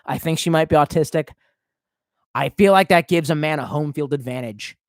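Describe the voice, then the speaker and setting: A man's voice: a little high, moderate pace, dry recording. A tipsy man streaming live, reading out chat and rambling in a profane, off-the-cuff way. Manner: profane, rambling, swerving between mumbles and outbursts.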